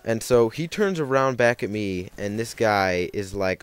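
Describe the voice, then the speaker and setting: A young man with a somewhat low, smooth voice tells a rambling story while playing a game. He keeps stopping to correct himself and leans on fillers. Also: expressive, unhurried. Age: young adult. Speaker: gaming commentator. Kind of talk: casual storytelling over gameplay.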